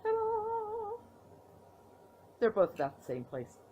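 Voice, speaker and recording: A middle-aged woman rambles through a casual knitting show-and-tell, her low voice swinging widely in pitch. She sounds tired, with a chatty, meandering way of talking. The tablet recording is dull and lo-fi, with a faint hiss behind her. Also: animated, measured pace. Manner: chatty, rambling, with playful "ta-da" reveals. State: tired, yawning. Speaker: knitting podcast host. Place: at home.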